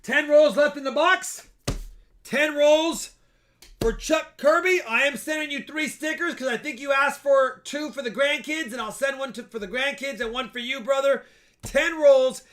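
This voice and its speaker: High-voiced, bright, joking male host. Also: normal speed, a little hiss or hum. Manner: chatty and joking, thanks donors. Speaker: livestream host. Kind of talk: casual live-stream chat.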